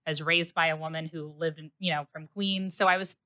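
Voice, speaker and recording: A woman's voice: low voice, fairly even intonation, a little fast, bright, forceful tone, dry recording. A woman in her late twenties hosting a casual interview podcast, telling stories with lots of "like" fillers and a bit of swearing. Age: late 20s. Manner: chatty storyteller, many "like" fillers, swears freely. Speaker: podcast host.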